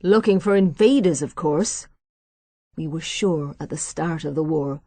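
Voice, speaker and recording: A woman voicing a proud old man, a wartime veteran, clipped and gruff. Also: low-pitched, unhurried, dark tone, dry recording.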